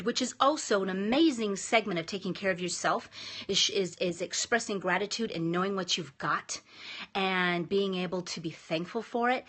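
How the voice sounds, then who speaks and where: A woman's voice: mid-range voice, a bit bright. A woman in her thirties giving a casual, emphatic motivational talk as a vlogger, chatty and upbeat with frequent restarts.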